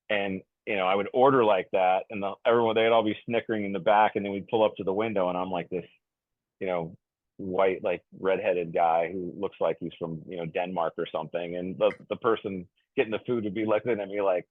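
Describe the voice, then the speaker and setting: A man's voice: sits low, no echo. Man, 50s, podcast guest, rambling, jokey, lots of fillers, tinny phone-line sound, dry. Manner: rambling, heavy on fillers and restarts; jokey, self-described goofy. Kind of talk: casual conversational storytelling.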